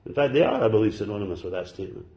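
A man preaching a sermon to a congregation, fervent and exclaiming, dropping at times to soft, low asides. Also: sing-song, racing, roomy sound. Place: church service.

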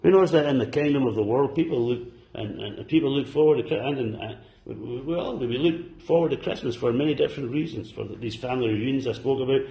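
A man preaching a sermon to a congregation, fervent and exclaiming, dropping at times to soft, low asides. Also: quick pace, few pauses, reverberant. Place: church service.

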